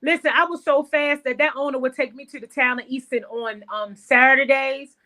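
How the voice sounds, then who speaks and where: A woman who owns a salon, telling her story in a casual interview in an animated way. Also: high-pitched, moderate pace. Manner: animated storyteller, calls the host girl. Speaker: salon owner and guest.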